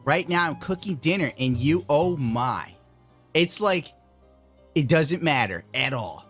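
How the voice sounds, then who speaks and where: A man with a fairly high voice giving loose, joking reaction commentary, laughing and sounding incredulous as he reads messages aloud in mocking voices. Faint music plays underneath. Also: expressive, a little slow, fairly bright tone, breathy edge. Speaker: streamer reacting to dating-app messages.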